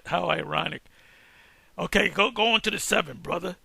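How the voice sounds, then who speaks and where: A man giving a casual online lecture, reacting to search results in an emphatic, halting way with many restarts. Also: high-pitched, creaky, sharp tone, husky, dry recording. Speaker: online teacher.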